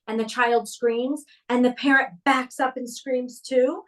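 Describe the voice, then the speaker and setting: Calm woman therapist explaining, off-mic. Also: sits high, unhurried, far from the mic. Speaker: early childhood therapist. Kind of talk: conversational interview answer.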